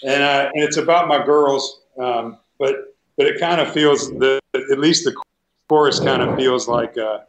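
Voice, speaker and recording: A man's voice: medium pitch, a little slow, slight background noise. A man, a guest musician, chatting casually from home on a video call, rambling in an easygoing way with many fillers. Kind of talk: casual conversation. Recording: echoey room with faint music.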